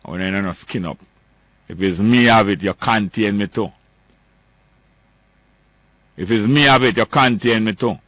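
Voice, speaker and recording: Emphatic Jamaican man with a low voice. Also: a little slow, long pauses, fairly bright tone, no room sound. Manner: emphatic, repetitive, ranting. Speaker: talk show host. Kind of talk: political commentary.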